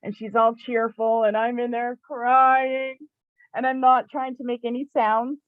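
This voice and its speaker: A chatty woman from eastern Canada recounts her own story, filling it with "like" and quick laughs. Her voice comes through a narrow, phone-like band in a dry, close space with no room sound. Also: fairly high pitch, little pitch movement, dry recording. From Canada, New Brunswick area. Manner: chatty, many "like" fillers, laughs often. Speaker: spiritual shop owner and teacher. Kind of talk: personal storytelling.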